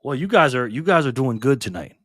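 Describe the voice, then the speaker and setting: A man's voice: medium pitch, sing-song, fairly quick, fairly bright tone, dry recording, clean studio sound. A tired man hosting a casual livestream, laughing often as he reads chat aloud. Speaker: livestream host.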